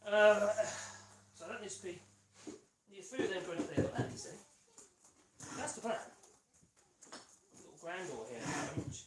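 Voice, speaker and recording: A man's voice: sits high, roomy sound, recorded from a distance, background noise. A man chatting casually on a radio mic while he builds something, rambling and cracking jokes. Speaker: vlogger. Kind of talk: casual chat while woodworking.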